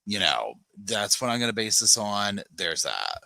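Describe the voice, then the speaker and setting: A podcast host sits on his sofa at home with dogs nearby, running a casual live-stream chat where he greets viewers by name and rambles with lots of "like" fillers. His fairly low, gravelly voice swings widely in pitch, sounding sharp and unhurried in a dry recording.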